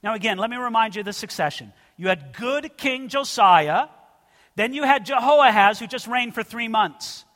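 A man with an extremely high, pushed, bright voice preaches an expository sermon in church. He's earnest and direct, often addressing his listeners as friends, and the recording carries the long reverb of a large hall.

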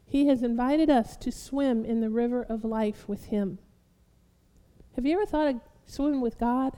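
A woman pastor preaching a sermon, building to loud, fervent exhortation and calling her listeners beloved. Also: on the high side, normal speed, big-room sound.

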